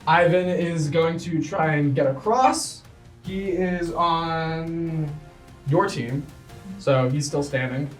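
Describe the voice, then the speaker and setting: A man narrating a tabletop game as game master, in a brisk, easygoing way with many fillers. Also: on the high side, faint music behind. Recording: echoey room, far from mic.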